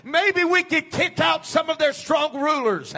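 A man preaching a sermon, moving from quiet teaching to shouted, fervent preaching. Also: very high-pitched, measured pace.

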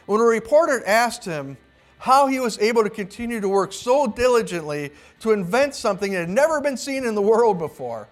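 A man's voice: high voice, sing-song, fairly quick, soft background music. A male pastor preaching a sermon, telling a story with acted-out quotes and some restarts.

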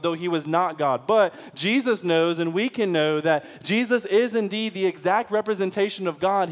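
A man preaching a sermon with a slightly high voice. He keeps it casual and lively, putting questions to his listeners and checking that they follow. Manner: conversational and lively, asks the congregation questions. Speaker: pastor.

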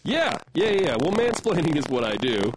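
A man co-hosting a comedy podcast, rambling and halting through his points with self-mocking jokes. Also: on the high side, big pitch swings. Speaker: podcast co-host. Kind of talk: casual comedic chat. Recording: noisy with clicks.

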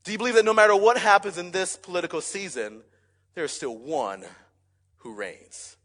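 High-voiced young pastor preaching in a hall. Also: male voice, normal speed. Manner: energetic, emphatic preaching with calls to the congregation. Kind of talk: sermon. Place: church sanctuary. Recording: church hall with long reverb.

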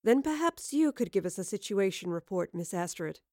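A woman voicing a tall, cool-headed female supreme commander who speaks in a calm, arch, commanding way, in an audiobook. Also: medium pitch, moderate pace, no room sound, studio quality, lightly acted.

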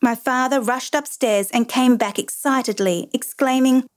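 Expressive woman reading a storybook. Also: on the high side, moderate pace. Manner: expressive, lively first-person narration. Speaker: narrator.

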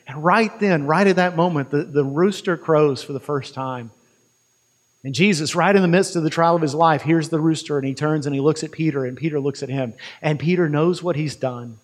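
Brief: male preacher, fairly high voice, vivid storytelling sermon. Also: long reverb tail. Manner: vivid retelling with quick restarts.

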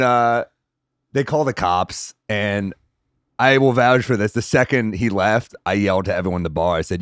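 A man, a comedian guest on a podcast, telling stories in a wry, deadpan way during casual chat. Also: lowish voice, no room sound, clean studio sound. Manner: quick, wry, deadpan storytelling.

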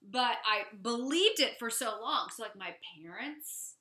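A young woman co-hosting a podcast, chatting casually and telling stories with animated energy. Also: a little high, measured pace, echoey room. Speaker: podcast co-host.

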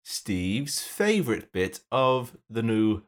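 A man co-hosting a comedy podcast, trading dry, quick quips. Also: lowish voice, sing-song. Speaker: podcast co-host.

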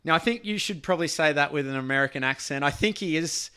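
Wry man with a slightly high voice. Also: quick pace, bright, forceful tone, smooth, dry recording, clean studio sound. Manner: wry, rambling. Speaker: podcast co-host. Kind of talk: casual chat.

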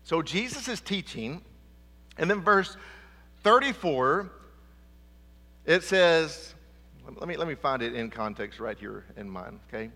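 A man preaching an emphatic sermon in a church sanctuary, calling for "amen" and dropping low and quiet to drive points home. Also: lively intonation, unhurried, long pauses. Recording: long church hall reverb.

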